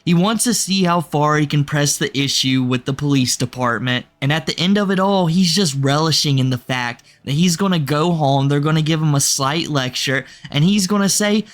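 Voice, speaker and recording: A man streamer giving mocking, animated commentary on a clip. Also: fairly high pitch, normal speed, hardly any pauses.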